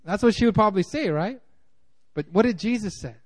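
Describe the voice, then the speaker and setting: Man, pastor, high voice, casual sermon, animated, restarts a lot. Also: a little fast. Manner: animated, acts out quotes, frequent restarts.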